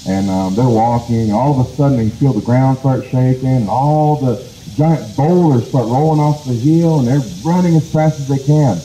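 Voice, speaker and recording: A storyteller from the Cherokee Nation spins an old tale aloud in a relaxed, chatty way. His voice is very dark and mellow. The sound is echoey, with faint noise behind. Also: mid-range voice, moderate pace. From United States, Cherokee Nation. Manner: casual, conversational, lots of "and so". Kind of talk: live oral storytelling. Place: outdoor heritage festival.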